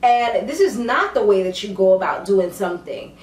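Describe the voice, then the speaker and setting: Animated woman recapping a show, echoey room. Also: medium pitch, moderate pace. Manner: animated storytelling, acts out quotes. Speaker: reality TV recap vlogger. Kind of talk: casual chatty recap. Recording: echoey room, mic at a distance.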